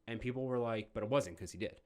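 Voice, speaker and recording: A man's voice: medium pitch, fast talker. A man co-hosting a podcast, casually telling a story with lots of "like" fillers. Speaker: podcast co-host. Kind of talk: casual chat.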